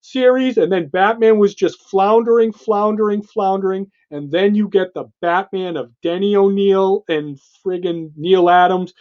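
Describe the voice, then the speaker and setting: A man co-hosting a podcast, chatting with quick, enthusiastic asides. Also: high-pitched, a little mellow. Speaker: podcast co-host. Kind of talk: casual chat. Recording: dull lo-fi sound.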